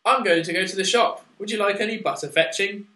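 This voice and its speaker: A man's voice: high voice, quick pace, bright, forceful tone, roomy sound. A man from England co-hosting a casual podcast, chatty and giggly as he plugs the show from a small room at a studio microphone. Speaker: podcast co-host. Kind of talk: casual chat.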